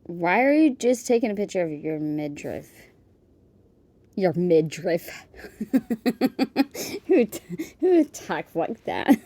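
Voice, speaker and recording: A woman's voice: medium pitch, dark tone, no room sound. A woman giving casual reaction commentary, mocking and disbelieving, laughing often.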